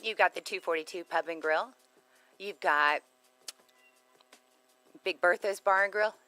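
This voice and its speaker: A woman's voice: lowish voice, unhurried, bright, forceful tone, clear, resonant tone, rough recording. A woman co-hosting a casual radio chat show, rambling, giggly and easily sidetracked. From Texas.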